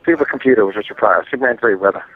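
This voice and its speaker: A man's voice: lowish voice, very fast, crowd noise. A man in a casual gaming podcast chat, heated and ranting about a fighting game. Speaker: podcast guest. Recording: tinny phone-like line.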